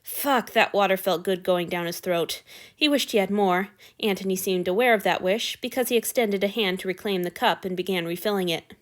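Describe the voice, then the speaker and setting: A woman narrating a fan fiction story aloud in a steady, even reading voice. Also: mid-range voice, a little fast.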